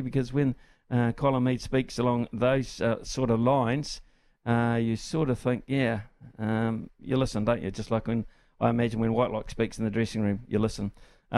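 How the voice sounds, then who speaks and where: A man's voice: medium pitch, darkish tone, no room sound. A man hosting a sports radio show, talking casually and rambling with many fillers.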